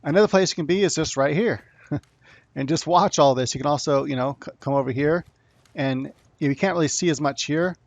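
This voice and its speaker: A man's voice: on the high side, moderate pace, no echo. A man giving a casual gameplay tutorial, rambling with frequent restarts and "you know" as he explains tactics. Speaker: gaming tutorial creator.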